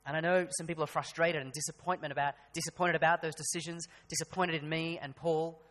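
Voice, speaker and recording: Preaching casually with rising emphatic peaks, this man is a pastor giving a sermon in a reverberant church hall. He talks fast in a slightly high, somewhat bright voice with a level tone.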